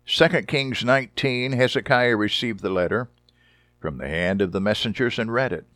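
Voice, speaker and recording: Man reading scripture with lively inflection. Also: mid-range voice, dry recording, clean studio sound. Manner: dramatic, deliberate scripture reading with wry asides. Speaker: Bible teacher.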